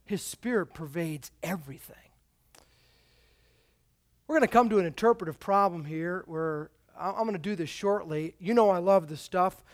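A pastor delivering a sermon in a church, conversational and emphatic, with swells of volume. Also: male voice, sits high, moderate pace. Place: church sanctuary.

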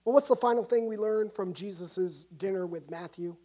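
A woman pastor giving a sermon, telling a story and shifting from hushed to lively. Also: mid-range voice, normal speed, hardly any pauses. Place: church.

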